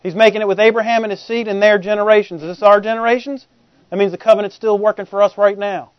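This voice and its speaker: Male pastor, high voice, jokey and conversational sermon, dry and dull lo-fi recording. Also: fairly even intonation, fast, no room sound. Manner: humorous, conversational, asks the congregation questions.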